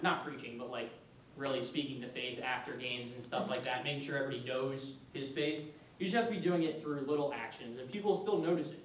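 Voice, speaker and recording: A young man giving a casual faith talk as a student retreat speaker, chatty, laughing often and using many fillers. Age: young adult. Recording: echoey room from far off, faint rumble.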